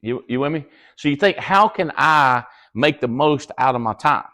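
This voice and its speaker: A man giving a casual motivational talk to his team, folksy and blunt, swearing and laughing often as he tells stories. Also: moderate pace. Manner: animated storyteller, acts out quoted dialogue in high excited voices. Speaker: business leader speaking to his team. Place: cabin event room with a live audience.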